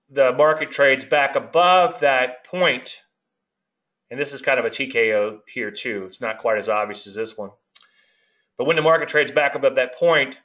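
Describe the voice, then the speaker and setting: Casting: middle-aged male host, outgoing, talks loosely and meanders, bright forceful tone, dull lo-fi recording. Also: medium pitch. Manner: gregarious, rambling, self-interrupting. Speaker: market analyst and show host. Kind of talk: casual trading commentary. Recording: dull lo-fi audio.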